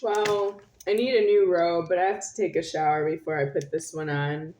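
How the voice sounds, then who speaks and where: A woman's voice: fairly low pitch, fairly even intonation, moderate pace, background noise. A woman talking to camera in a rambling monologue, repeating and circling her phrases insistently. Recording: roomy echo.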